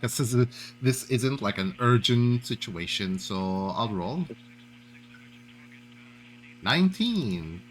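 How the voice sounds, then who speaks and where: A man's voice: mid-range voice, lively intonation, slow, pauses often, slight background noise, poor audio. A man playing in a tabletop role-playing game, talking casually and hesitantly with many fillers. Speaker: player.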